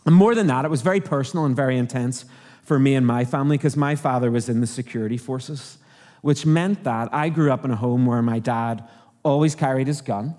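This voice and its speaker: A man's voice: mid-range voice, fairly quick, mellow, in a large hall. A man from Northern Ireland with a Northern Irish accent, preaching a conversational sermon and asking the congregation questions. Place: church auditorium.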